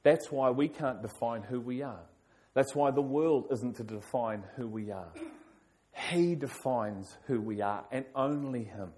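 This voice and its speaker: A middle-aged man delivers a sermon from the pulpit at a moderate pitch. He preaches with emphasis, hammering home his points by repeating key phrases. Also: measured pace, a little mellow. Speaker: pastor.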